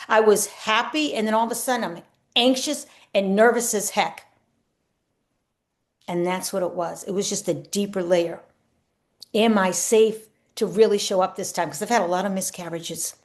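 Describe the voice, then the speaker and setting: A woman spiritual coach talking casually to camera in an earnest, reflective way, sometimes slipping into soft spoken affirmations. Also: mid-range voice, fairly even intonation, moderate pace.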